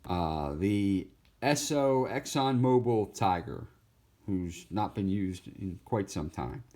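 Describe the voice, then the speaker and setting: An artist flips casually through his sketchbook, laughing at his own jokes and slipping into goofy voices. His voice is low and dark, with lively intonation and a slow pace, and his manner is easygoing throughout.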